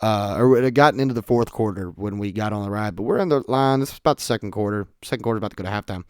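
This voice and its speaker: A young man talks through his stories in a casual podcast monologue. He is animated and jumps from loud outbursts to quiet asides. His voice is smooth and the recording is dry. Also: fairly low pitch, rapid-fire, no echo. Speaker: podcast host.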